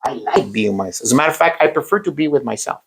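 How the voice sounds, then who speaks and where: A man's voice: medium pitch, expressive, rapid-fire, creaky, a little hiss or hum, poor audio. A man in casual motivational chat, blunt and profane, dropping phrases into his talk. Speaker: co-host.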